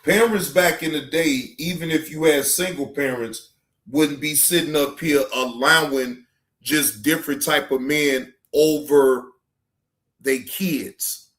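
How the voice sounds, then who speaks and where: Slow-talking male reaction host. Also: on the high side, a bit bright. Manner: preachy, repeats himself, asks "right?". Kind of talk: casual commentary.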